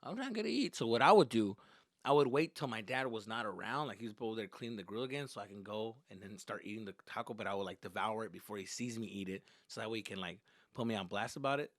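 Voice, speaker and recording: A man who is a comedian and podcast host, telling stories in an animated, profane, casual way. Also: lowish voice, fast talker, no echo, clean studio sound. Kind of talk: comic storytelling.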